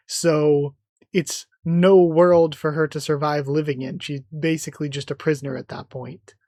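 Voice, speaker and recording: A host talking through a live comic reaction, enthusiastic and rambling, doubling back with fillers. The voice sits at a middling pitch, and the recording is dry and close. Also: unhurried, warm tone, no echo.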